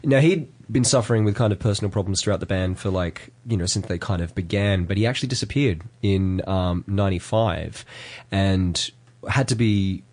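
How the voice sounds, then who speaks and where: Lowish guy co-hosting, chatty, tells band stories. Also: moderate pace, darkish tone. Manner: storytelling, shares trivia. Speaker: podcast co-host. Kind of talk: casual chat.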